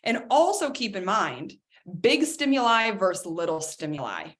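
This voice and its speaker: Animated woman hosting a wellness talk. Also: medium pitch, normal speed. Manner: animated, addresses listeners as guys. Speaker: workshop host. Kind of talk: motivational talk.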